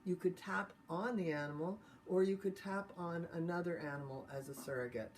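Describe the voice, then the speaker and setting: A woman as a tapping instructor, calmly leading listeners step by step through a guided tapping exercise. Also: fairly low pitch, normal speed, a little hiss or hum. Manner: calm step-by-step guidance.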